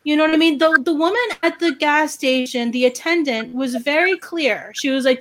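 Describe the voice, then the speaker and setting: High-voiced woman ranting animatedly. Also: moderate pace, a bit bright, slight background noise. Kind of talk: casual chat.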